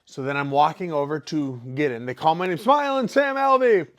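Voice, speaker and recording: A man's voice: fairly high pitch, a little fast. A professional fighter telling a casual story, acting out quotes and sound effects as he goes.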